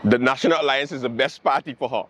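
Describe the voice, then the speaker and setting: A man's voice: medium pitch, fast talker, a little hiss or hum. Sarcastic man ranting. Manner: animated, sarcastic, mocking quotes and repetition. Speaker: late-night show host. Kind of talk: comedic political rant. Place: outdoors with planes overhead.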